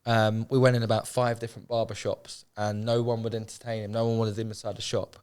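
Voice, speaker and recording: A man's voice: fairly low pitch, level tone, brisk, a little mellow, clear, resonant tone. A young man, telling his story in an interview in an earnest, heartfelt, colloquial way, often repeating phrases for emphasis. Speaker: homeless charity founder. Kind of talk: emotional podcast interview.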